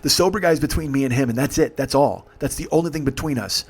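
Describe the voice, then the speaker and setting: A man's voice: medium pitch, fast talker, slightly rough. A man in his forties telling a true story in a comedic podcast monologue, profane, intense and confessional. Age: 40s.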